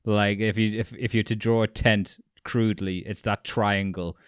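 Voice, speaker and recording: Low, smooth man. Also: normal speed, no room sound, clean studio sound. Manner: animated storytelling, swears casually. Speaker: podcast co-host. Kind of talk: casual chat.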